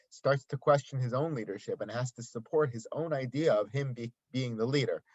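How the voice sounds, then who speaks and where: A man's voice: mid-range voice, dry recording. A man giving a daily Torah commentary lesson, explaining the text and asking rhetorical questions. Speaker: Torah teacher. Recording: dry, slightly dull sound.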